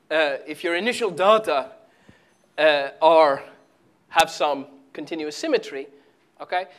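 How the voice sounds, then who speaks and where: A man giving a live math lecture at a board, talking haltingly with many fillers and restarts. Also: fairly high pitch, fairly bright tone. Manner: halting, full of fillers and restarts while writing. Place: lecture hall.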